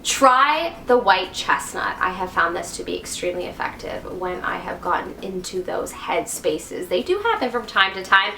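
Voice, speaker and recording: A bubbly young woman talks casually to her viewers, quick to giggle. Her voice is bright and forward. The sound carries a noticeable room echo. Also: fairly low pitch, very animated, vocal fry, slight background noise. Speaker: YouTube wellness host. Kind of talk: casual talk to camera. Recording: echoey room.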